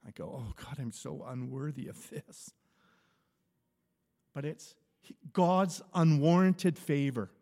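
A man's voice: fairly high pitch, animated, slow pace, warm tone. A man preaching an informal sermon, telling stories in a conversational way, often restarting his phrases and chuckling. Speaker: pastor. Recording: long hall reverb.

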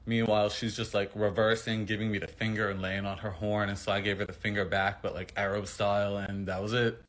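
Brief: man bragging in a clip, careless tone, flat low delivery. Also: fairly quick. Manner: boastful, flippant. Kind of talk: boastful social media video.

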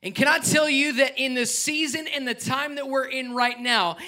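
A middle-aged man preaching a sermon as pastor, animated, climbing to near-shouts and then dropping to soft, quiet asides. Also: extremely high pitch, moderate pace.

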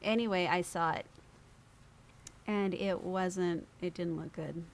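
A woman guest on an interview show, telling a story in a lively way, acting out other people's voices and laughing often. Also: on the low side, slow. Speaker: podcast guest.

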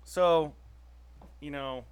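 A man's voice: a little high, drawn-out words, clear, resonant tone. A man co-hosting a casual podcast, telling a story in a rambling way with many restarts. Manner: rambling, full of restarts and fillers. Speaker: podcast co-host.

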